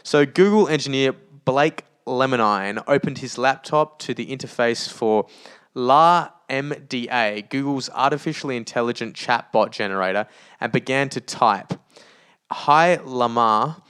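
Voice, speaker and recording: A man co-hosting a casual podcast, animated and quick to joke. His voice is smooth and clear at a middle pitch for a man. He talks in a large open room. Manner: animated, joking, often laughing. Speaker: podcast co-host. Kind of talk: casual chat.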